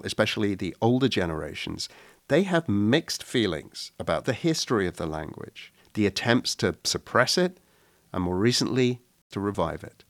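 A man hosts and narrates with an animated, swinging pitch. His voice is recorded close and dry. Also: no room sound. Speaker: interviewer and narrator.

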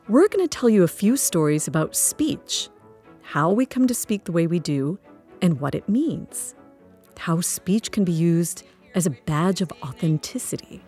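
A woman's voice: lowish voice, big pitch swings, a little slow, a little mellow, soft background music. A woman hosting a podcast, reading a scripted intro expressively. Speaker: podcast host.

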